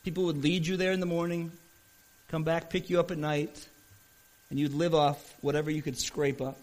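High-voiced earnest preacher man. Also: level tone, moderate pace. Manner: earnest, storytelling preacher, varied pace and loudness. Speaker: pastor. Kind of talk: sermon.

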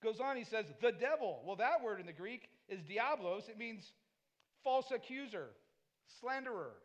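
A man's voice: high voice, animated, moderate pace. A man pastor delivering a sermon, emphatic and repetitive, throwing rhetorical questions at the congregation between casual, conversational asides.

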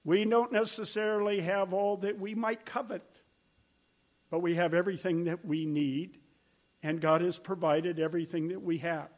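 A man's voice: high voice, fairly even intonation, normal speed. An older man preaching a sermon, telling stories in an earnest, conversational way. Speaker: pastor.

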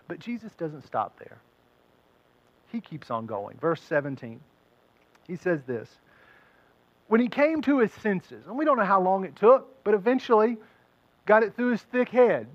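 A man with a high voice delivers a sermon as a lively story, slipping into the voices of the listeners he describes. The sound is dry and close, with no room echo. The recording is a little dull. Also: a little slow, pauses often. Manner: storytelling, acting out crowd voices. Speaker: pastor.

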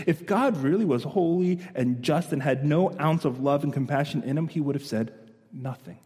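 A male pastor preaching a sermon, animated and storytelling, asking his listeners questions, in a church hall. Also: a little high, normal speed. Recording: long echo of a large hall.

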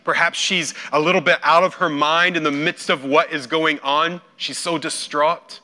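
In a steady, somewhat high voice at normal speed, the pastor barely pauses as he preaches. He recounts a scripture scene like a storyteller, voicing the characters with big jumps in volume.

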